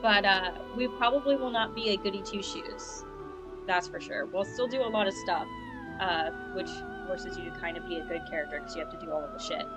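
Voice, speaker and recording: A woman's voice: mid-range voice, brisk, loud music behind the voice. Chatty young woman streaming a game. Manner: chatty, rambling, upbeat, with fillers. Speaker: gaming streamer. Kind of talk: casual live-stream chat. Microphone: lavalier mic.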